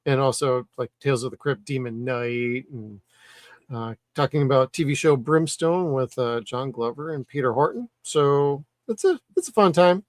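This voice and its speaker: A man's voice: mid-range voice, normal speed, no echo, clean studio sound. A man co-hosting a podcast in casual chat, easygoing with blunt opinions. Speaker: podcast co-host.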